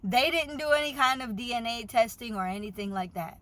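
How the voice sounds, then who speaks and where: A woman's voice: fairly high pitch, animated, brisk, a bit bright. A woman talking openly and earnestly in a personal vlog, retelling a doctor's visit with feeling. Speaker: vlogger sharing a fertility journey.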